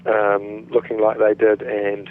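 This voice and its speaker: A middle-aged man from New Zealand with a New Zealand accent, an actor telling stories in a relaxed interview, chatty with many restarts. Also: fairly low pitch, slow, dry recording. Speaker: actor guest. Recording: tinny phone-line sound.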